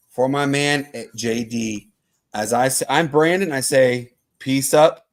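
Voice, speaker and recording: A man hosting a casual sports podcast, talking in a heartfelt, halting way with many fillers. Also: medium pitch. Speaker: podcast host.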